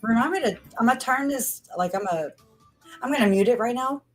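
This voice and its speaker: A woman's voice: fairly high pitch, expressive, brisk, faint music behind. A woman chatting casually as a livestream co-host, brash, swearing and laughing often.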